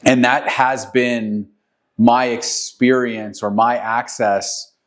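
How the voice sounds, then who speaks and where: A man's voice: mid-range voice, steady tone, takes it slowly. Rambling man telling a story. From New York City. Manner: rambling, self-correcting with many ums. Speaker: podcast co-host, real estate agent. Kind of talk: casual storytelling chat.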